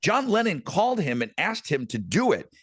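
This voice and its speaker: A man's voice: sits high, wildly swooping pitch, moderate pace, breathy edge, dry recording, clean studio sound. A middle-aged man hosting a podcast, telling a rambling anecdote with lots of fillers. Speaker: podcast host. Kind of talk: casual storytelling chat.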